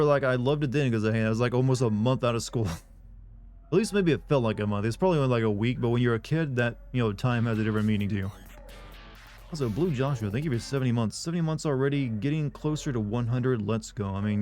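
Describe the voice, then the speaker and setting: A man chatting to his viewers during a live game stream. He rambles in an offhand, loose way, swears often and restarts his sentences. His voice sits at an ordinary middle pitch, and faint game music plays behind him. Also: fast, darkish tone. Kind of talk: casual chat with viewers while streaming a game.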